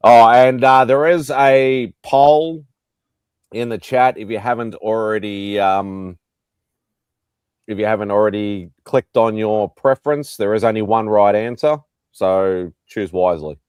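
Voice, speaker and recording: Joking man, low dry voice. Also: measured pace, darkish tone, clean tone, dry recording. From Australia. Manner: joking, rambling, laughs often. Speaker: host. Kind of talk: casual chat on a livestream panel.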